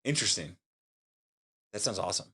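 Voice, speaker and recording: A young man appearing as a podcast guest, dry and teasing, firing off quick lists. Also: low-pitched, lively intonation, pushed and bright, breathy edge. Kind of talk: casual chat.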